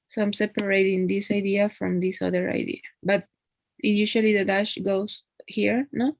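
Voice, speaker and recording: A woman's voice: mid-range voice, level tone, moderate pace, slight background noise, low-quality recording. A woman teaching an English grammar lesson one on one, explaining patiently and often checking in with a tag question.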